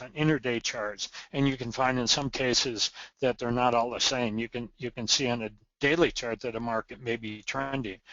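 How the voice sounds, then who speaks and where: A man explains trading charts in an earnest, emphatic teaching voice, leaning on the words he wants to stress and restarting a phrase now and then. His pitch sits at an ordinary middle level. The sound is close and dry but a little dull and lo-fi. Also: fairly bright tone, dry recording. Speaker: trading educator. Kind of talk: recorded market lesson.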